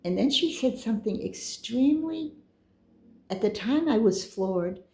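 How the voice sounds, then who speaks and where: A woman's voice: a little high, expressive, measured pace, mellow, echoey room. A middle-aged woman telling a personal story in a chatty, meandering way, with asides and quoted dialogue. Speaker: storyteller recounting her own experiences.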